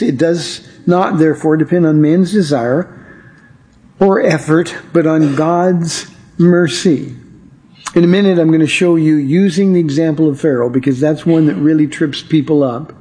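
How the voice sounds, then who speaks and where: Earnest Bible teacher, man with mellow voice. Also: fairly high pitch. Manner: earnest, emphatic, slows down to stress key words. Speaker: Bible teacher and radio show host.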